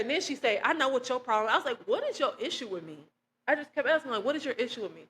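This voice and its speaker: A young woman, telling a personal testimony in a casual, animated way and acting out quoted dialogue. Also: on the high side, husky. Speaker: vlogger.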